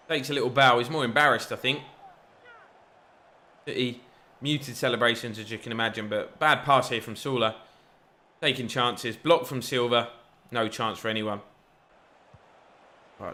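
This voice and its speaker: A man giving chatty, excitable play-by-play commentary over a football video game. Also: mid-range voice. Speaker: gaming YouTuber.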